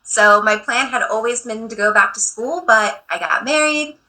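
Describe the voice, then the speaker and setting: A woman in her thirties speaking as a guest on a radio interview show, candid and quick to laugh at herself. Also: on the high side, bright, forceful tone, rough recording.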